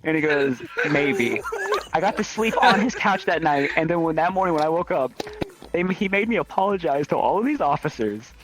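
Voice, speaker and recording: A young man telling a story in casual chat, animated and swearing freely as he acts out the people in it. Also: on the high side, a little fast, background noise.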